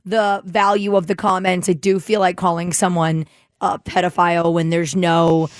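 A woman's voice: fairly low pitch, level tone, normal speed, clear, resonant tone, dry recording, studio quality. A woman co-hosting a morning radio show, giving blunt, opinionated takes. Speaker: radio co-host.

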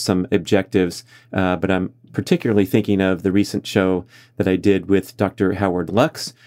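A man's voice: fairly low pitch, a little mellow. A man hosting a podcast, talking through a casual, enthusiastic monologue full of "uh" fillers. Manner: conversational, frequent uh fillers. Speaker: podcast host.

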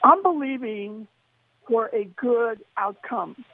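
A woman's voice: fairly high pitch, expressive, slow pace, slightly rough. A woman calling in to a radio show over the phone, insistent and repeating her phrases. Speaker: radio caller. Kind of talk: phone-in call. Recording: phone line.

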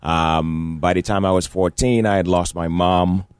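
A middle-aged man from Nigeria with a Nigerian accent, a guest on a radio show, telling his life story earnestly and hitting each syllable clearly. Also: low voice, fairly even intonation, a little slow, no echo, studio quality. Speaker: guest, state rep candidate. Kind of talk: radio interview. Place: radio studio. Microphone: studio mic.

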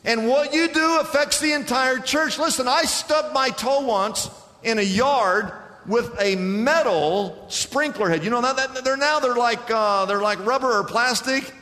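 Bright high voiced preacher guy, swings up and down a lot, echoey church hall. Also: unhurried. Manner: emphatic preacher, call-and-response, stretches key words. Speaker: pastor. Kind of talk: sermon. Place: church sanctuary.

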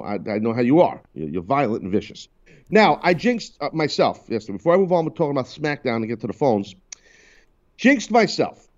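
A man's voice: fairly high pitch, darkish tone, dull audio. A man hosting a radio talk show, chatting loosely and teasing his co-hosts. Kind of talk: casual on-air banter.

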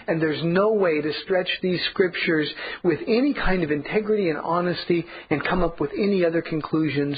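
A man's voice: high-pitched, dull audio, a little hiss or hum. A man preaching a sermon as pastor, earnest and emphatic, repeating key points.

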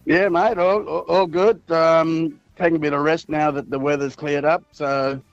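A middle-aged man, a city mayor chatting casually on a radio show, relaxed and halting, laughing easily. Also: on the high side, no room sound, lo-fi sound, faint music behind.

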